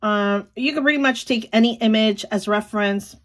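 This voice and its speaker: Woman, 30s, small-shop vlogger at home, slightly high-pitched, casual and giggly, rambling. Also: normal speed. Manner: chatty, giggly, lots of fillers. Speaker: small sticker shop owner. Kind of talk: casual vlog chat.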